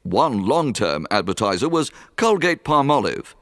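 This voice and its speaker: A man reading scripted narration for a documentary in a measured, informative way. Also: mid-range voice, sing-song, a bit bright, no room sound.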